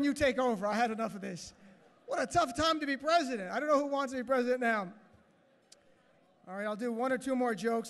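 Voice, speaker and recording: A man doing a stand-up comedy routine as master of ceremonies, joking and acting out characters, in a large hotel ballroom. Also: very high voice. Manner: joking, animated, acts out characters. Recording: echoey hall.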